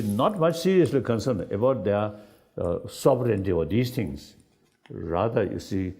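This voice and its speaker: An older man who is not an English speaker, talking in a halting, searching way with many fillers and ready laughs. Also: mid-range voice. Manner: laughs easily, animated. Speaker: spiritual leader in dialogue. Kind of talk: unscripted dialogue.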